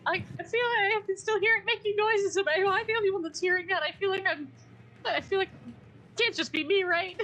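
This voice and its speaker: A woman's voice: very high voice, steady tone, a little fast, pushed and bright. A woman playing a tabletop game as a player, chatty and rambling.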